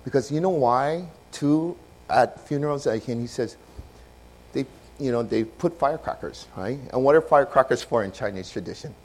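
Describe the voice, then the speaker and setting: A man preaching a sermon, telling a story with animated swings up to loud, passionate peaks. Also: mid-range voice, normal speed, low-quality recording.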